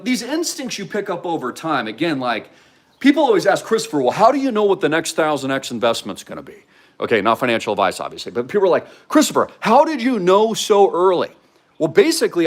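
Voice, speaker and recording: Excitable man hyping crypto, lively pitch. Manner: excitable, salesy, heavy use of "like" and "freaking". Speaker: crypto investment channel host. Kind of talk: energetic hype monologue to camera.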